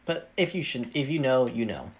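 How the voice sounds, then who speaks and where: A man reads his own fan story in a casual, rambling way, often cutting himself off and joking between scenes. His voice sounds a little tired, and his pitch jumps around a lot as he talks. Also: sing-song, normal speed. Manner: rambling, self-interrupting, jokey. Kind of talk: casual story reading with asides. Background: video game playing.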